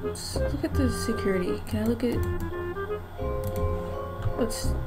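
A woman's voice: on the high side, lively intonation, unhurried, music in the background. A young woman playing a horror game on her channel, jumpy, exclaiming and swearing a lot, with nervous giggles. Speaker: gaming video host. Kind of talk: horror game let's play commentary.

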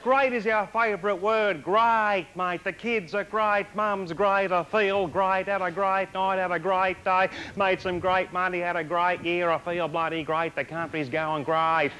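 Brash Australian comedian shouting punchlines. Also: male voice, sits high, fairly even intonation, a little slow, hardly any pauses, a little hiss or hum. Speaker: stand-up comedian. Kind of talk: stand-up routine on a TV show.

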